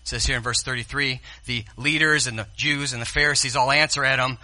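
A man preaching a sermon as pastor, speaking straight to the congregation and swinging from hushed asides to loud exclamations. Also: medium pitch, fairly even intonation, fast. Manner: addresses the congregation directly.

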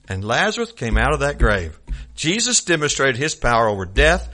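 A man's voice: mid-range voice, very animated, moderate pace, pushed and bright. A man preaching a sermon in a folksy storytelling manner, acting out scripture scenes.

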